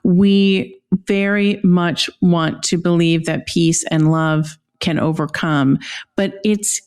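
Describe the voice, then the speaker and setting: A woman co-hosting a podcast, warmly affirming her partner with frequent encouraging responses. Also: lowish voice, fairly even intonation, slow, smooth. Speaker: podcast co-host. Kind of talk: casual podcast conversation.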